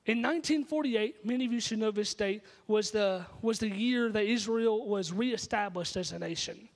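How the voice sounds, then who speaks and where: Male pastor with a high voice, emphatic storytelling sermon in a church sanctuary. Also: moderate pace.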